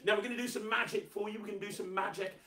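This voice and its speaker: A bright, forceful man hosts a live magic show for children, coaxing and teasing with lots of energy. He stands back from the mic in an echoey room. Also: high-pitched, steady tone, very fast, recorded from a distance. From England. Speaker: host, magician. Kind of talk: live kids' show hosting.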